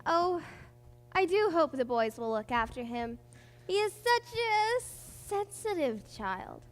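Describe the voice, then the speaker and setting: Woman playing a doting queen, prim, slow, high voice, stage musical. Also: big pitch swings, big-room sound, heavily acted. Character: queen, doting fussy mother. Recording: theater stage with music behind.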